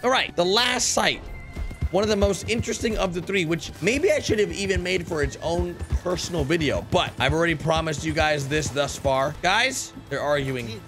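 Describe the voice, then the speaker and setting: A young man giving excitable gameplay commentary, calling out to his viewers and exclaiming at what he finds. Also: on the high side, normal speed, over music. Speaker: gaming YouTuber.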